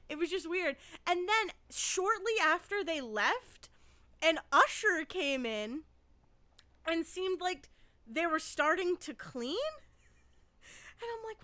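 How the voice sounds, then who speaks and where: A woman's voice: extremely high pitch, expressive, takes it slowly, sharp tone, dry recording. A woman co-hosting a podcast, telling a long story in casual chat, rambling with restarts and frequent swearing. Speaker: podcast co-host.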